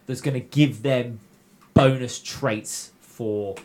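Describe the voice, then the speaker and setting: A man in the game master's seat, talking through his plans in a loose, rambling podcast style. He stops and restarts, filling gaps with ums, at an ordinary middle pitch. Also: fairly even intonation, slow, darkish tone. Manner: rambling, many fillers and restarts. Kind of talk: casual podcast chat.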